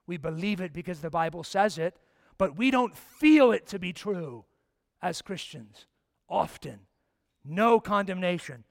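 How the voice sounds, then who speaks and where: A man preaching a sermon as pastor, impassioned, swinging from loud emphasis down to hushed near-whispers and putting direct questions to his listeners. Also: sits high, expressive, a little slow, gravelly, no echo, clean studio sound.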